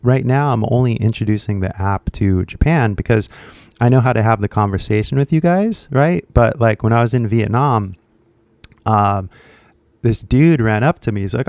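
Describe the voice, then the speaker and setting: American male YouTuber teacher, young, dark mellow tone, rambling casual delivery. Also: on the low side, normal speed, creaky, no room sound. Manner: loose and chatty, fills with "like" and "right?". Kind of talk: casual rambling lesson to camera.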